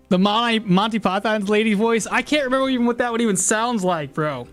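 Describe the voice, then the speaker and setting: A man giving casual, rambling gameplay commentary as a streamer, often laughing at himself. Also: high voice. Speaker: game streamer.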